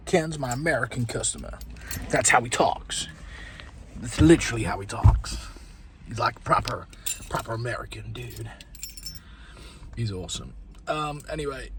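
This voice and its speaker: A British plumber rambles through his working day in a blunt, foul-mouthed chat to his phone camera. His voice sits at an ordinary middle pitch. Traffic and vehicle noise stays clearly audible behind him. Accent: British English. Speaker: self-employed plumber. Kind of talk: casual day-in-the-life vlog.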